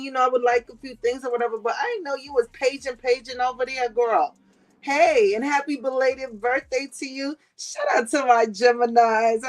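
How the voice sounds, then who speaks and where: Animated woman livestreamer with a high voice. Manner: animated and slangy, laughs often, swears freely. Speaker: livestream host. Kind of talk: casual livestream chat reading viewer comments.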